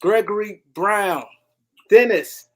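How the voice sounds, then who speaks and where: A man's voice: high-pitched, takes it slowly. A man hosting a live sports talk stream, talking casually and animatedly, often repeating words as he goes. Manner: animated, repeats words, shouts out viewers by name. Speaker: show host.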